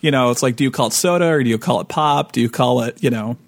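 A man's voice: medium pitch, fast, gravelly, dry recording. A man co-hosting a tabletop gaming podcast, chatting casually, rambling with restarts and laughing often. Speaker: podcast co-host. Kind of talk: casual chat.

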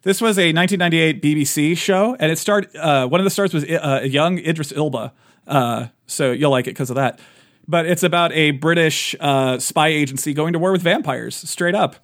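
A man's voice: a little high, normal speed, fairly bright tone. A man hosting a casual podcast chat, eagerly recommending shows to his co-hosts. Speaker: podcast host and game master.

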